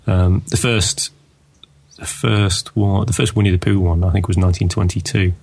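Low, gravelly man chatting casually. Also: fairly even intonation, moderate pace, darkish tone. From England. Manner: hesitant, lots of ums and you-knows. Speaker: podcast co-host. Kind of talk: casual chat.

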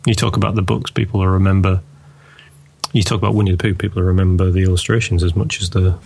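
Low, gravelly man chatting casually. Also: little pitch movement, fast talker, darkish tone. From England. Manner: hesitant, lots of ums and you-knows. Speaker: podcast co-host. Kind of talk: casual chat.

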